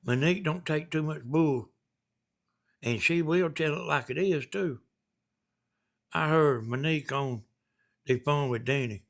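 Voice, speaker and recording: A man's voice: fairly high pitch, unhurried, vocal fry, long pauses, fairly bright tone. A man with a Southern US accent hosting a casual live stream, reading viewer messages and rambling in a folksy way.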